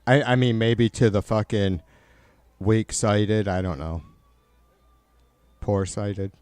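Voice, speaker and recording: Smooth-voiced, swearing male streamer. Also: fairly low pitch, fairly even intonation, slow, darkish tone, no echo. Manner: profane, rambling with frequent restarts. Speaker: live streamer reading chat. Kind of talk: casual political commentary stream.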